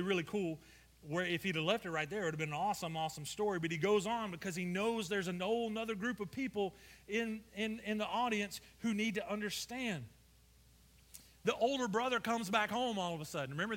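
A pastor preaching a sermon, retelling a story with animated character voices and closing with an earnest altar call. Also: male voice, high voice.

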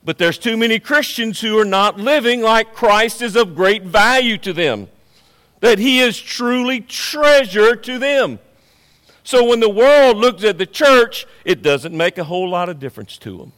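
A man's voice: sits high, expressive, unhurried, fairly bright tone, long reverb tail. A man preaching a sermon as pastor, emphatic and repetitive, swelling and dropping in intensity.

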